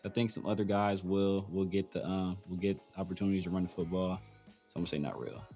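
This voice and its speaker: A man's voice: low-pitched, quick pace, dark tone, soft background music. A man hosting a casual sports talk show, rambling with many restarts and fillers. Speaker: podcast host.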